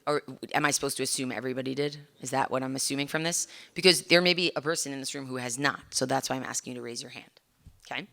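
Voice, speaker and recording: A woman's voice: extremely low pitch, fast, vocal fry. A middle-aged woman giving a conversational lecture to a live audience in a lecture room, putting questions to the listeners and acting out little scenes. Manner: animated, acts out little scenes.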